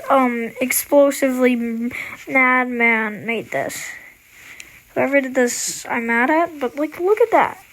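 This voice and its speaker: Woman, high voice, unhurried casual history explainer, rambling and slangy. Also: lively intonation, fairly bright tone, slight background noise. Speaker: video creator.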